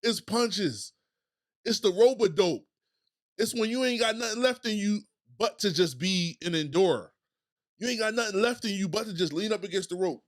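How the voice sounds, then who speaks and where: Motivational podcast guy, kinda high voice, preachy and animated, talks real casual. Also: moderate pace. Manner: animated, preacher-like build-ups with colloquial phrasing. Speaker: podcast host; educator with students.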